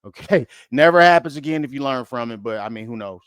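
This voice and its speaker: A man's voice: medium pitch, lively intonation, fairly quick, fairly bright tone, clear, resonant tone, no room sound, clean studio sound. A man hosting a reaction video, talking casually and directly to his viewers. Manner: casual, chatty, talks to viewers as guys. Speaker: host. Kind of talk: reaction commentary.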